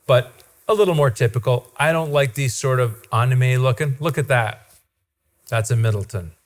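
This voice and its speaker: A man from Ontario, hosting a podcast as an enthusiastic, animated storyteller. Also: mid-range voice. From Ontario, Canada. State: father. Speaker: podcast host. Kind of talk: casual chat.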